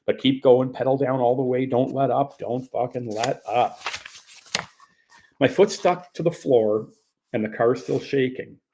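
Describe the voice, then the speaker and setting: A man's voice: medium pitch, measured pace, background noise. A man narrates his own memoir in the first person. His delivery is tense and full of casual profanity, in an ordinary mid-range voice. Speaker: author reading his own story.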